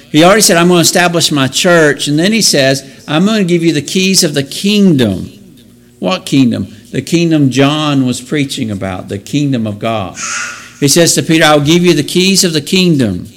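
A man with a slightly higher than usual voice teaches from the Bible in an explanatory way. He poses rhetorical questions to his listeners. He corrects himself mid-sentence now and then. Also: a bit bright. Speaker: preacher.

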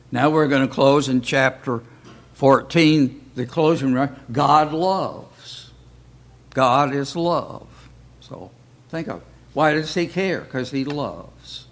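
In a church, a man leads a casual Bible study, speaking in a folksy manner and often posing rhetorical questions. His voice sits in the middle range and sounds slightly bright.

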